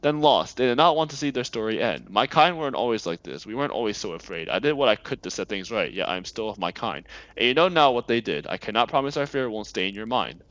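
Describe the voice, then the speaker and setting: A man reading aloud the lines of a remorseful ancient alien prisoner, hushed and earnest. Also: on the low side, lively intonation, fast, dry recording, muffled recording. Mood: solemn. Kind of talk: reading game dialogue aloud.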